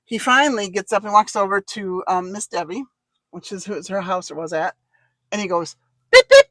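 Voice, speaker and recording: Lively woman telling a personal story. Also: medium pitch, normal speed, dry recording. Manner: lively, acts out dialogue, laughs often.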